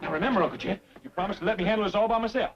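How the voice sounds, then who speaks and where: An actor playing a naive, boastful young hillbilly in a 1960s sitcom, talking in a folksy Ozarks drawl. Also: male voice, high-pitched, rapid-fire, close to an everyday voice. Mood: eager. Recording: muffled noisy old TV soundtrack.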